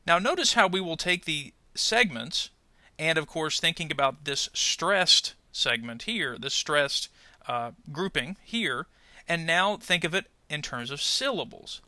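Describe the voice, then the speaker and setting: Lively, bright-voiced male pronunciation teacher. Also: fairly high pitch, dry recording. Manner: clear, deliberate, over-articulates example words. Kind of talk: scripted lesson voice-over.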